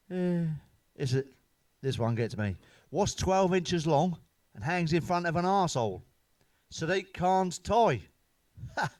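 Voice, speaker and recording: A middle-aged British man rattles off crude, sweary gags in a deadpan stand-up delivery. His voice sits a little higher than usual for a man. The sound is dry and close, with no room around it. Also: dry recording. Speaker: stand-up comedian. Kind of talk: deadpan joke-telling monologue.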